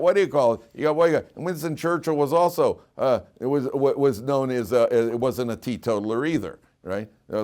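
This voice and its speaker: A man teaching a Torah class as a rabbi, animated and storytelling, acting out quoted lines with frequent restarts and laughter. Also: medium pitch. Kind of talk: lively Torah lecture.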